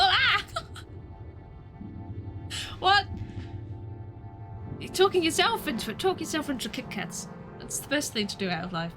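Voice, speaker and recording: A woman streamer chatting casually over a game, self-mocking and prone to sudden loud shouting. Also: high-pitched, sing-song, unhurried, pauses often, over music. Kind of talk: casual gameplay commentary. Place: home.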